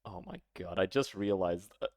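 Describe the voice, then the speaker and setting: A man reacting to a video with loud, profane, animated commentary. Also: low voice, normal speed, creaky, dry recording, studio quality.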